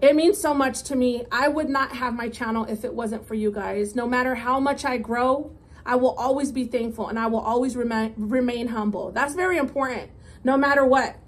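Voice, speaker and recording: A woman with a high voice chats with her viewers at the table, upbeat and warm toward them, dropping Spanish words into her English. She sounds like a casual home vlog caught on a camera mic. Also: moderate pace. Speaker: mukbang vlogger.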